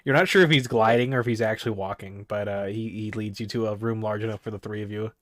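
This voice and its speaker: A man's voice: fairly low pitch, steady tone, fast talker, a bit bright, no room sound, clean studio sound. A man narrating a tabletop game as game master in a loose, joking manner. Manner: loose, joking, with frequent swearing.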